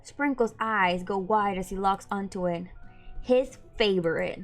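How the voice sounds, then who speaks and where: A woman streamer reads a dating game's text aloud and drifts into chatty, giggly asides. Her voice is mid-pitched and casual, with faint game music under it. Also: measured pace.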